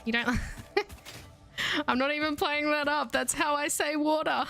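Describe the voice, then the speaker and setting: A woman's voice: high voice, steady tone, a little slow, vocal fry, bright, forceful tone, faint music behind. A woman with an Australian accent giving chatty, playful, self-mocking commentary while streaming a video game. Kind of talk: casual let's-play commentary.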